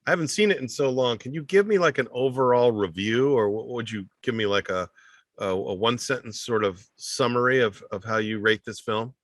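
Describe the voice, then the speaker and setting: Bright, dry-sounding man asking questions. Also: medium pitch, dry recording. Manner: asks questions, quick quips and laughs. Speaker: podcast co-host. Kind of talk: casual comedy podcast chat.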